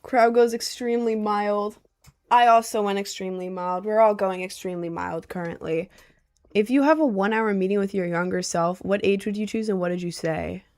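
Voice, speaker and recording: A woman's voice: medium pitch, moderate pace, a little mellow. Young woman streamer, casual chat, rambling and self-mocking.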